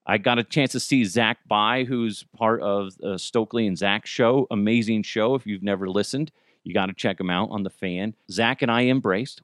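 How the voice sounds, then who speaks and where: A man with a Cajun accent hosting a podcast, telling stories in a joking, profane, animated way. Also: medium pitch, moderate pace, no room sound, clean studio sound. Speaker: podcast host. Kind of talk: casual comedic monologue.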